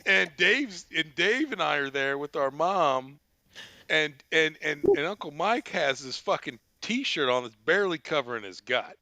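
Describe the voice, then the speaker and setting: A man's voice: on the high side, lively intonation, unhurried, bright, forceful tone, no echo. A man hosting a podcast, telling a rambling, profane family story and laughing often. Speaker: podcast host. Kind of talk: casual storytelling.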